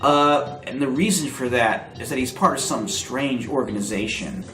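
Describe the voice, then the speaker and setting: A man's voice: medium pitch, moderate pace, fairly bright tone, natural voice. A man playing a cocky young crocodile hired hand, talking in a laid-back, slangy drawl, with a roomy echo. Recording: roomy echo, faint noise.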